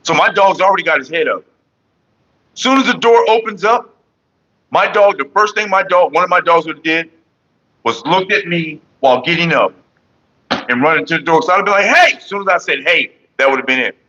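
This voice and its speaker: A man's voice: on the high side, brisk, pauses often, lo-fi sound. A man chatting casually and profanely on a morning livestream, rambling to his viewers and his partner. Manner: sings loudly and off-key at times. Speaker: vlogger.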